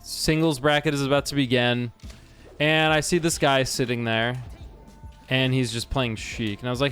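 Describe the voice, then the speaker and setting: Male streamer, mid pitch, chatty and meandering, light music under the voice. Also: steady tone, normal speed, a bit bright. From Washington state. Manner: rambling storyteller with frequent restarts and fillers. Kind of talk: casual stream chat while gaming.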